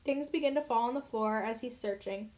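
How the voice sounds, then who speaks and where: A woman's voice: fairly high pitch, a little fast, a little mellow. Woman earnestly reading a children's novel. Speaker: audiobook reader. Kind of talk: first-person audiobook narration.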